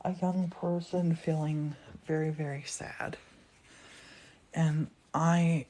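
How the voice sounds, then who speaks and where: A middle-aged woman with an American accent, chatting warmly and laughing often while co-hosting a live crafting stream. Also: low voice, little pitch movement, slow. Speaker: co-host of a live glassmaking stream. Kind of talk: casual chat.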